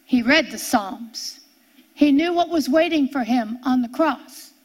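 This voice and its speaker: A woman teaching a sermon, reading scripture aloud and repeating key lines with slow, drawn-out emphasis. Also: high voice, lively intonation. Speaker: Bible teacher.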